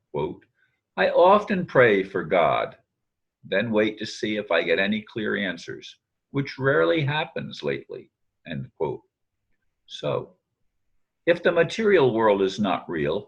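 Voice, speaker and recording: An older man muses aloud in a daily video monologue, his low voice husky yet fairly bright in tone, though the audio is dull. His reflections quote friends, and he frequently corrects himself.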